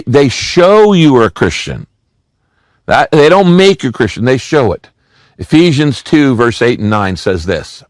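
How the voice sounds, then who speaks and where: A man's voice: on the high side, no room sound. A male pastor giving a sermon, telling stories earnestly and repeating key lines for emphasis. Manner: earnest storytelling with emphatic repetition.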